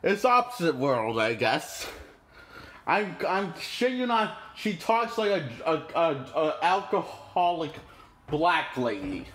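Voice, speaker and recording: A man's voice: a little high, big pitch swings, takes it slowly, fairly bright tone. A man reviewing a movie in an indignant, profane, rambling rant. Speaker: movie critic.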